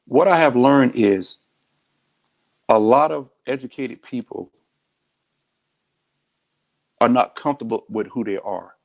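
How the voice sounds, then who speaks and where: Guy, sheriff being interviewed, blunt and earnest, mid-pitched voice. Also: slow pace, vocal fry, pauses often, a little mellow. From United States. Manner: direct, earnest storytelling. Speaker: county sheriff, guest. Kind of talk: candid interview talk.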